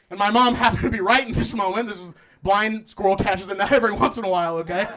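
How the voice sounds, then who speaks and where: High-voiced man doing stand-up comedy. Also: steady tone, quick pace, sharp tone. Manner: acts out voices of his mom and himself, laughing through lines. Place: comedy club stage in front of a live audience.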